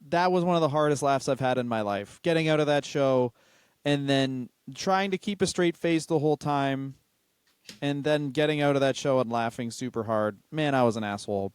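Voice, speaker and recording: A man co-hosting a comedy podcast, wry and crude, quick to laugh at his own jokes. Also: on the high side, clean tone, no echo. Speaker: podcast co-host. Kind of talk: casual comedic chat.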